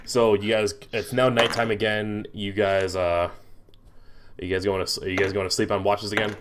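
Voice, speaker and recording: A man running a tabletop game, who narrates in a loose, rambling way and keeps stopping to restart his sentences. His voice sits on the low side, with a faint background hiss. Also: level tone, moderate pace. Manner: rambling, full of fillers and restarts. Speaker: game master.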